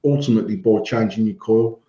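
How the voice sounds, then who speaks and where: A man tells stories from his shop in a loose, swearing podcast chat. His voice is mellow and warm. He sounds a bit dull and roomy, as if recorded in an echoey space. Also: on the low side, brisk. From United Kingdom. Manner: swearing storyteller, animated when telling anecdotes. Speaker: podcast co-host, vape shop owner. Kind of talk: casual banter podcast.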